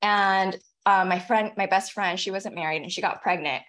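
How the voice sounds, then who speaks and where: A woman's voice: medium pitch, steady tone, fairly bright tone. Woman in her forties reading poems aloud. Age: 40s. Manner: measured, deliberate delivery of poems; quick, halting chat between them. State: tearful, voice catching. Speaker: featured poet. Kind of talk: poetry reading with spoken asides.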